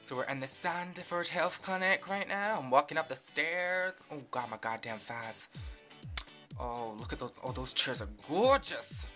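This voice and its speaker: A man's voice: fairly high pitch, animated, normal speed, sharp tone, soft background music. A Scottish man who is a vlogger, narrating his day in a casual, jokey, sarcastic way and swearing freely. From Scotland. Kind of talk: casual handheld vlog narration.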